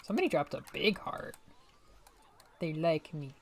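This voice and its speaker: Young woman, game streamer, low voice, playful muttering and casual swearing. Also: sing-song, normal speed, a little hiss or hum. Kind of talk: casual gaming livestream commentary.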